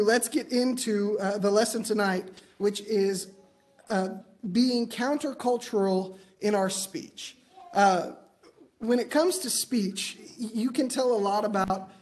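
A man preaching in church, telling personal stories with light humor in a conversational way. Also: high voice. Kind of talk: sermon. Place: church auditorium.

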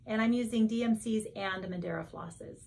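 A woman's voice: mid-range voice, normal speed, gravelly, darkish tone, a little hiss or hum. A woman in her sixties chatting casually as she shows her stitching projects, thinking aloud and correcting herself as she goes. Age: 60s. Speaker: cross-stitch vlogger. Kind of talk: casual show-and-tell chat.

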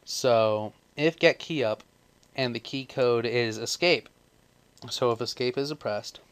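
A man's voice: mid-range voice, unhurried, clear, resonant tone. Man, middelhoge stem, glad en helder; losse, rommelige tutorialuitleg met zelfcorrecties, heeft de hik. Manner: rambling, self-correcting, offhand. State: hiccups. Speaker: tutorial maker. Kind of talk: casual screen-recorded coding tutorial.

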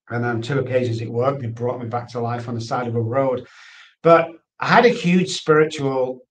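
A man's voice: mid-range voice, darkish tone. A man from England, a guest giving a candid personal testimony in an earnest, repetitive storytelling manner. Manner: earnest storyteller, repeats himself for emphasis. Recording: roomy, echoey sound.

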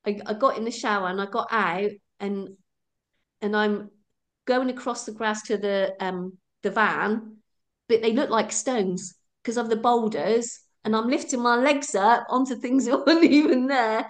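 A woman's voice: a little high, fairly even intonation, a little slow. Chatty lady, middle-aged, laughs a lot telling her race story. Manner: chatty, laughs often, acts out her own thoughts. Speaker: ultra runner guest. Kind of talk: casual storytelling interview.

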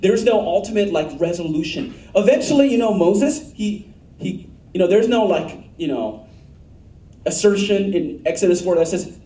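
Pastor, male, high-voiced, mellow tone, blunt emphatic sermon delivery, roomy church sound from off-mic. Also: expressive, normal speed, far from the mic. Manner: blunt, emphatic preaching with asked-for audience answers.

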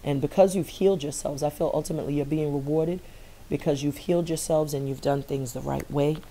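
A middle-aged woman with a low, mellow voice gives a spiritual tarot reading. She stays fairly level and unhurried in pitch, earnest and reassuring, and circles back to repeat key phrases for emphasis. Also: fairly even intonation. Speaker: tarot reader.

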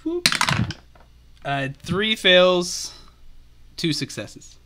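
A man narrating as game master, chatty and animated. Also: high voice, extremely slow, background noise.

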